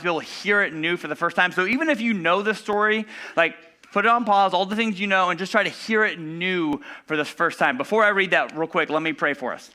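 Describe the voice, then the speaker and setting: Bright-voiced casual male pastor. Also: on the high side. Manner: conversational, filler-heavy, acts out voices of Bible figures. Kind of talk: casual sermon. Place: church.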